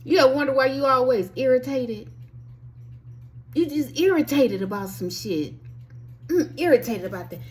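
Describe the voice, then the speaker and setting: A woman's voice: high voice, animated, normal speed, long pauses, poor audio. A woman hosting a spiritual self-help talk, preaching emphatically with frequent swearing and sudden outbursts.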